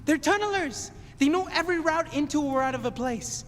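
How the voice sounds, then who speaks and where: An actor voicing an eager, scheming young man on a heist, talking in an excitable, pushy way. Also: very high-pitched, a little fast. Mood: excited. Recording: game audio with reverb and faint noise.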